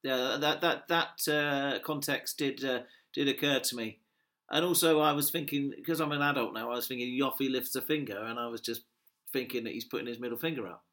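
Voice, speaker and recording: A man's voice: mid-range voice, brisk, a bit bright. A man co-hosting a podcast in casual, teasing chat. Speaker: podcast co-host.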